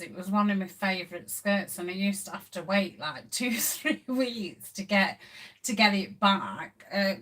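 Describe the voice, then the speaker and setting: A woman's voice: medium pitch, fairly bright tone. A middle-aged woman hosting a casual craft live stream, chatting with viewers and reading their comments with plenty of ums. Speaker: craft channel host.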